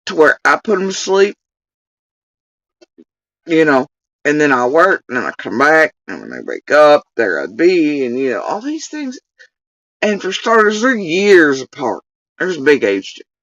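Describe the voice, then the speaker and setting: A woman's voice: deep voice, sing-song, normal speed, long pauses, fairly bright tone, no room sound, recorded from a distance, rough recording. A woman ranting heatedly on a livestream, swearing often as she vents. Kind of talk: livestream rant.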